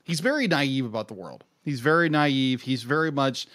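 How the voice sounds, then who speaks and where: A man's voice: mid-range voice, normal speed, fairly bright tone, dry recording. Young male co-host, enthusiastic and chatty, dry close recording. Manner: enthusiastic, laughs often, acts out quotes. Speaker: podcast co-host. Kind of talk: casual film review chat.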